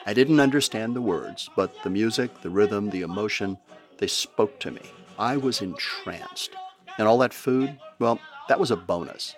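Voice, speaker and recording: Low-voiced older man telling travel stories. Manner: wry, conversational storytelling with playful asides. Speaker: podcast storyteller. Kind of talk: storytelling narration.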